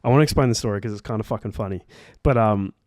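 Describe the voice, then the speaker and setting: A man's voice: lowish voice, racing, a little mellow, no echo. Rambling young Australian man, very dry. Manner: rambling, swears freely, heavy "like" and "um" fillers. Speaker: podcast co-host. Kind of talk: casual storytelling chat.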